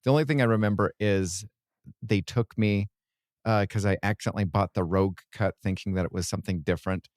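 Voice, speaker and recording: A man's voice: lowish voice, fairly even intonation, fairly quick, a little mellow, dry recording, clean studio sound. A man co-hosting a casual podcast, telling stories with chuckling asides. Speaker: podcast co-host. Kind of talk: casual chat.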